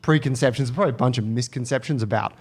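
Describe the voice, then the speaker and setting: An Australian man tells a story on a casual podcast. He swears freely and jumps into the voices of the people in his tale. His pitch sits in the middle range for a man. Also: racing, breathy edge. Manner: animated storyteller, swears freely, acts out quotes. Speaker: podcast co-host telling a story.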